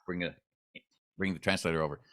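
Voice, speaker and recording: A man hosting an interview, telling a story with expressive swings in pitch and volume. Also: fast. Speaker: host.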